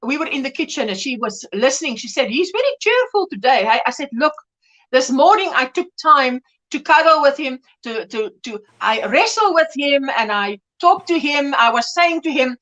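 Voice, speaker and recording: A woman's voice: sits high, very animated, normal speed, a bit bright, low-quality recording. A middle-aged woman hosting a casual livestream, chatting and reading viewer comments aloud with lots of rambling restarts. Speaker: livestream host. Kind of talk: casual chat.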